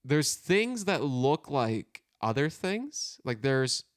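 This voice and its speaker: A young man chats loosely as a podcast co-host, his pitch bouncing up and down as he rambles and keeps correcting himself. The sound is dry and close, with no room around him. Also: sing-song, slow pace, dry recording. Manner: rambling, full of "like" and self-corrections. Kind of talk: casual chat.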